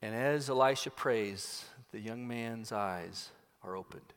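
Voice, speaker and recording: A man preaching a sermon, retelling a Bible story as an animated storyteller who acts out scenes. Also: fairly low pitch, slow pace, smooth. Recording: long hall reverb.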